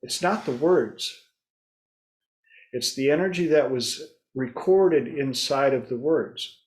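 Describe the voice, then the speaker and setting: Unhurried man hosting a discussion. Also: mid-range voice, darkish tone. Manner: storytelling, acts out clients' voices. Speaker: host. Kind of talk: casual group discussion.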